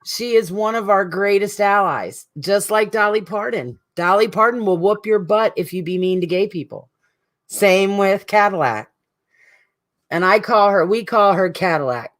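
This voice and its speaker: A middle-aged speaker, giving an emotional, rambling tribute straight to an absent friend at a support group meeting. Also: medium pitch. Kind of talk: heartfelt spoken tribute to a friend.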